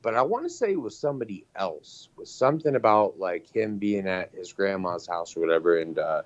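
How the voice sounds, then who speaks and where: Profane, animated man telling stories. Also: sits low, a little fast, lo-fi sound. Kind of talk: casual chat.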